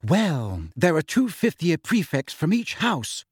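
A man voicing a clever, indignant teenage witch who speaks crisply and cuttingly. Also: on the high side, huge pitch swings, slow, dry recording, studio quality, voice pushed up, heavily acted. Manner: crisp, sharp-tongued. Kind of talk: audiobook character voice.

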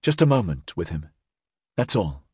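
A man voicing an earnest, determined woman who pleads softly and persuasively, in an audiobook. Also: sits low, big pitch swings, normal speed, husky, no room sound, studio quality, heavily acted. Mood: pleading. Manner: earnest, persuasive, soft-spoken.

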